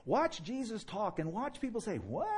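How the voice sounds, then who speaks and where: A man with a New York accent delivers a sermon in a lively, quick way. His voice is husky and sits a little high for a man, and his pitch swings widely as he acts out exchanges. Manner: animated and fast-talking, with laughter and mock dialogue. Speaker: preacher.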